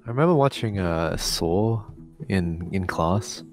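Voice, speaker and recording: A man's voice: low voice, animated, unhurried, darkish tone. A man bantering with friends during a gaming session, joking and teasing with casual swearing. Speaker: friend on the call. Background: game music.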